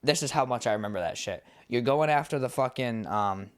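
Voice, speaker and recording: A man's voice: mid-range voice, expressive, a little fast, clear, resonant tone. A young man co-hosting a podcast, telling rambling stories in casual chat and swearing freely. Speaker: podcast co-host.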